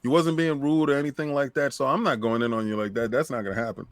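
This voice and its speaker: A man co-hosting a gaming podcast who tells stories in an animated, emphatic way. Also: mid-range voice, quick pace, dry recording. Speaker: podcast co-host. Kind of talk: casual podcast chat.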